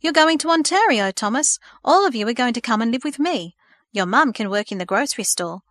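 A woman voicing an excitable, caring middle-aged aunt in a storybook reading. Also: quick pace, dry recording, clean studio sound. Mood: eager. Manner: high, eager, fussing.

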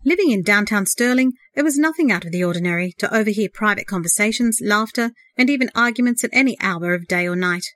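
A woman reads a novel aloud in a measured, expressive way, her voice sitting at an ordinary middle pitch. The sound is dry and close, with no room around it. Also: no room sound. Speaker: narrator. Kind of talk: audiobook narration.

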